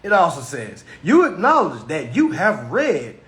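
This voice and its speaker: A man's voice: fairly high pitch, wildly swooping pitch, measured pace, a bit bright, roomy sound. A man in his thirties giving blunt, mocking talk on contracts, slipping into voices for imagined phone calls. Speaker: consumer finance commentator. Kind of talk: animated solo commentary.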